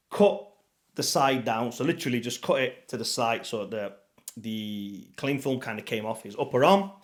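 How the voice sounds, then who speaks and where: A man telling a story to camera in a casual vlog, animated and blunt, swearing freely and acting out the moments. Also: mid-range voice. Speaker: vlogger.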